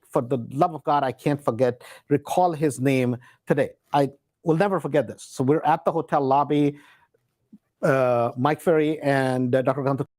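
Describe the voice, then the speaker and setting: A man's voice: a little high, a little mellow, dry recording. A man hosting a show, telling a personal story in a casual, rambling way with many fillers and acted-out quotes.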